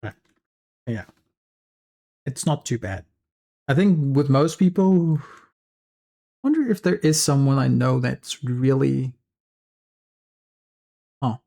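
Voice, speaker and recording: A streamer from Africa, chatting casually and haltingly, trailing off and correcting themselves mid-sentence. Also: medium pitch, animated, gravelly, dark tone. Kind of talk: casual stream chat while working.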